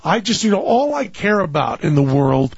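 A man's voice: sits high, big pitch swings, moderate pace, husky, no room sound, lo-fi sound. An older man rambling through a funny anecdote in casual chat, often laughing as he talks. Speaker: guest storyteller.

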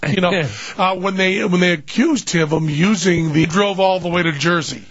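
A man's voice: high voice, moderate pace, a bit bright, dry recording, highs cut off. An older man rambling through a funny anecdote in casual chat, often laughing as he talks. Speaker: guest storyteller.

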